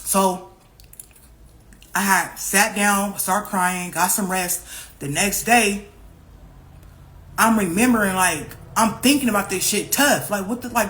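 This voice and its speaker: A woman's voice: medium pitch, measured pace, long pauses. A woman in the middle of a casual story, talking in a mid-range voice. She swears freely and piles on slang. When she repeats what others said, she raises her voice and acts their lines out. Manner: profane, slang-heavy, animated retelling.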